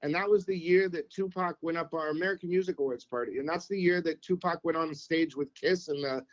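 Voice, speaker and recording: Middle-aged man telling stories, higher voice. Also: brisk, poor audio. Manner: animated anecdote-telling, acts out quotes, keeps saying "you know what I mean". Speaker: podcast guest, former radio programmer. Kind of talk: casual storytelling.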